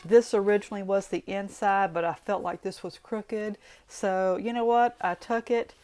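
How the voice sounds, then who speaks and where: A woman's voice: medium pitch, fairly even intonation, moderate pace, warm tone. A woman with a Southern US accent talking through a card-making craft tutorial in a chatty, folksy way, full of rambling asides.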